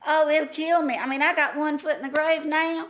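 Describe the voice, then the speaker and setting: A woman's voice: high-pitched, fairly even intonation, moderate pace, a bit bright. A woman playing an elderly retired first-grade teacher, rambling through folksy, gossipy stories. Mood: panicked. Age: older.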